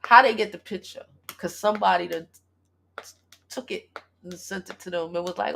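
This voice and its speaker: A woman in her thirties, from Brooklyn, hosting a casual livestream chat in a blunt, profane, animated way. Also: on the low side, normal speed, a little hiss or hum. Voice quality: gravelly, husky. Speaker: livestream host.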